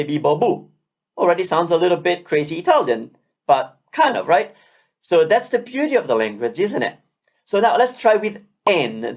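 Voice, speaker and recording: In a lesson for beginners, a mid-range-voiced language teacher works slowly through syllable drills while offering learners encouragement.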